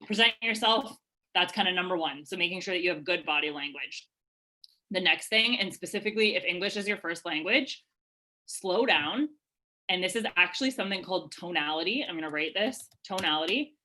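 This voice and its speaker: A woman presenting a live webinar over a video call, answering attendees' questions in an energetic, chatty way with lots of fillers. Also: fairly low pitch, a little fast, low-quality recording. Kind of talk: live webinar Q&A, casual coaching. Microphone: webcam video call.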